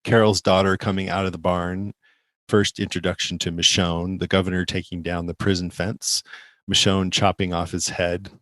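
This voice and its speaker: A man co-hosting a podcast, reading listener comments with relaxed asides in casual chat. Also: low voice, moderate pace, dry recording. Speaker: podcast co-host.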